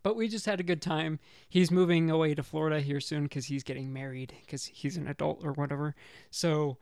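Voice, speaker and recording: A man's voice: fairly high pitch, steady tone, fairly quick, creaky, a little mellow, clean tone, no room sound, studio quality. A young man co-hosting a podcast, telling a rambling, self-deprecating story in casual chat. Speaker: podcast co-host.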